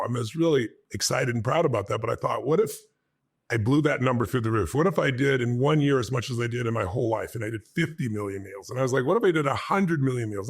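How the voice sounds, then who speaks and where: A middle-aged man tells a personal story with a husky, somewhat breathy voice. His pitch sits in an ordinary middle range. He acts out the lines people said, jumping higher for the quoted parts. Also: quick pace. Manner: animated storytelling, acts out dialogue with pitch jumps. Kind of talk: personal story told to an audience.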